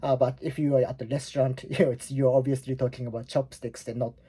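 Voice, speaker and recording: A man's voice: mid-range voice, level tone, fast, mellow, husky. A man in his forties with a Japanese accent, teaching a language lesson in a loose, rambling way full of fillers and restarts. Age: 40s. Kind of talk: casual explanatory lesson.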